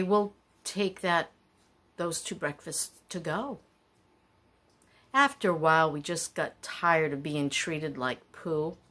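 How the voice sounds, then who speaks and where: Middle-aged woman vlogging, low-ish voice, slow easy pace, rambling storytelling. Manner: chatty, wandering, animated asides. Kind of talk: casual storytelling.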